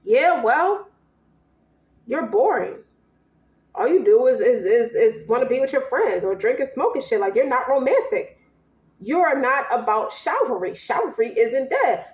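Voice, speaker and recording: Blunt high-voiced woman reading tarot. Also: very animated, a little slow, reverberant. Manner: blunt, profane, acts out both partners. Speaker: tarot reader.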